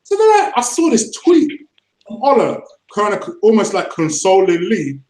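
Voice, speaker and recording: A man's voice: sits high, normal speed, reverberant, poor audio. A man hosting a casual fan review chat, laughing often. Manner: excitable, laughs often, London slang. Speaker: podcast host.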